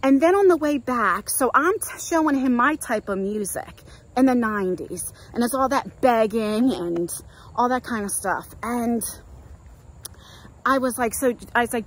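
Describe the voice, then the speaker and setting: A middle-aged woman with a New Jersey accent, telling a story in a chatty, animated way while walking outdoors with her phone. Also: fairly high pitch, normal speed, poor audio. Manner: chatty, animated storytelling, acts out quoted voices. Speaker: vlogger. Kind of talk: walk-and-talk storytime.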